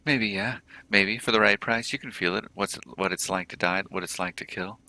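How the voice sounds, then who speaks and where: A jittery orc drug dealer from a game, put on by a man who spills out his sales pitch in fast loops of repeated phrases. The voice sits well above the man's usual very deep tone, with a gravelly edge and a bright, cutting sound. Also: expressive, exaggerated voice. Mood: nervous. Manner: rapid-fire, repetitive, hyped salesman patter.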